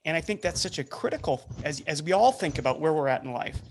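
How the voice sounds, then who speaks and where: A man's voice: fairly high pitch, lively intonation, fast talker, a little hiss or hum. A man hosting a podcast interview, speaking reflectively and restarting his sentences often. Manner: reflective, with frequent ums and restarts. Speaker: podcast host. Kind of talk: interview conversation.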